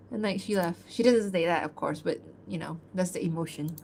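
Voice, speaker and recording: On her livestream, an artist talks while she works in a loose, meandering way, laughing softly and reading fan-fiction narration aloud. Her lowish, slightly mellow voice moves a little fast with some vocal fry, and there's a bit of hiss or hum.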